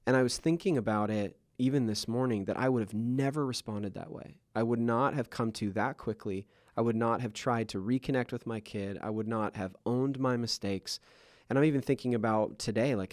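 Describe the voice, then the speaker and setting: A man's voice: fairly low pitch, brisk, a little mellow, no echo, studio quality. A man in his thirties hosting a podcast, telling personal stories openly with many fillers. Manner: open, self-revealing storyteller with frequent fillers. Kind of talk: candid podcast conversation.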